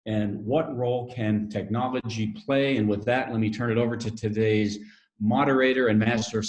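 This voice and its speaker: A man introducing the panelists at an online event, reading their backgrounds in a steady listing manner. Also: mid-range voice, echoey room. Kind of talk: read introduction. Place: online video call.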